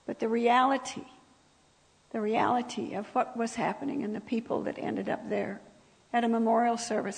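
A woman with a croaky voice giving a sermon in a church, talking to the audience in a conversational way with asides. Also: a little high, normal speed, big-room sound, poor audio. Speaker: speaker at a church service. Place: church hall.

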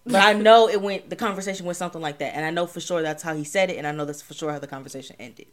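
A young woman tells a long, rambling story in casual podcast chat. Her voice sits a bit low and easy. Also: racing. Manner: laid-back, rambling, bursts into loud laughter. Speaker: podcast host.

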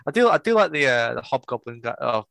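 Gravelly podcast co-host. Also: male voice, mid-range voice, very animated, fast, pushed and bright, no echo. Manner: sweary, joking banter. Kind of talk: casual chat.

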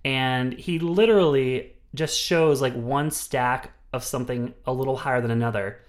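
A man co-hosting a casual film-review podcast, talking in an animated, profane way and slipping into mocking mimicry. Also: medium pitch, normal speed. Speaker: podcast co-host.

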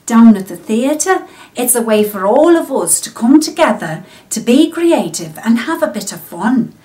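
A woman's voice: on the high side, very animated, unhurried, dark tone. A woman from Australia, a vocal coach, playing a chatty working-class Liverpool woman in an attempted Scouse accent, in a sing-song, earnest monologue. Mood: enthusiastic.

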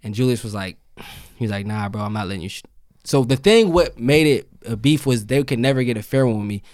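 Young man telling a story with animated quotes. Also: medium pitch, fairly quick, no room sound, clean studio sound. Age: young adult. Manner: animated storyteller who acts out quoted lines. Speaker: podcast guest. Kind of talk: casual storytelling chat.

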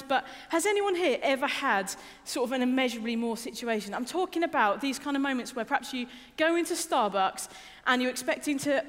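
A woman's voice: high voice, a bit bright. A woman from England giving a sermon in a church hall, chatty and self-deprecating, with light jokes about everyday life. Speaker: preacher.

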